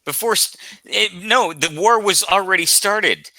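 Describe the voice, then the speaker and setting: A man's voice: sits high, unhurried, pushed and bright. A man hosting a stream, arguing heatedly and mockingly, swearing and talking over his opponent. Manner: mocking, profane, talks over others. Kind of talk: heated online argument.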